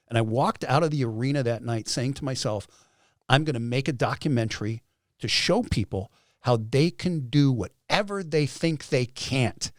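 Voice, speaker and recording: A man's voice: mid-range voice, dry recording, clean studio sound. A man in his fifties telling his story as a podcast guest, acting out quoted voices and swearing freely. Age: 50s. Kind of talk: animated storytelling.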